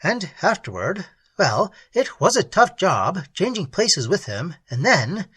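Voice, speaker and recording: A man's voice: high voice, very animated, unhurried, a bit bright, breathy edge, dry recording, voice pushed up, heavily acted. A man playing a sly, deranged old doctor. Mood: rambling. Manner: vague, then sudden ferocity. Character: deranged white-haired older male doctor, sly.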